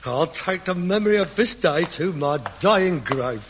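A melodramatic young son in a TV sitcom, whining and fussing over himself. His voice is high and bright and swoops up and down. The old TV recording sounds dull, with faint hiss. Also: animated, unhurried. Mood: wounded. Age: young adult. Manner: theatrical, whining and self-dramatising. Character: hypochondriac grown son, melodramatic and self-pitying. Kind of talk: 1960s-70s TV sitcom acting.

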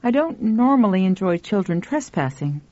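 A woman's voice: medium pitch, very animated, normal speed, a little mellow, no echo, lo-fi sound, natural voice. A woman voicing an older graying spinster who speaks in a clipped, stern way. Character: thin graying older spinster writer, prim and curt.

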